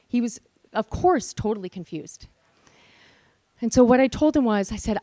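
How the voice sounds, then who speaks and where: A woman's voice: mid-range voice, fairly quick, mellow, no echo. A woman in her forties gives a motivational talk at a women's event. She tells her own story candidly and earnestly. Her voice sits in a middle register and sounds close and dry. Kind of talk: motivational speech. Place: event hall with live audience.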